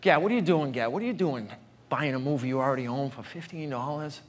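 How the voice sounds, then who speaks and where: A man's voice: medium pitch, lively intonation, quick pace, pitched below the performer's own voice, close to an everyday voice. A man voicing his stingy older brother, a scolding man with a Boston accent who keeps repeating himself and calling people guy, kid and pal. Live stage recording with audience laughter. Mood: outraged.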